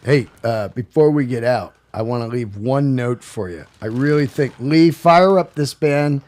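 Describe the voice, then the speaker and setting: A man's voice: mid-range voice, measured pace, a little mellow. A man guesting on a comedy podcast, chatting casually and telling a loose, rambling story. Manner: loose storytelling with many fillers. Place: podcast studio.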